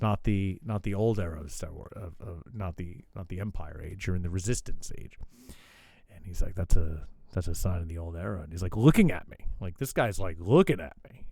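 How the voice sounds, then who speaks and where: Low-ish dude rambling and cussing through a story on his show, dead dry mic. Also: darkish tone, no room sound. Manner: swears a lot, rambling asides. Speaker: show host. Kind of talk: casual profane storytelling.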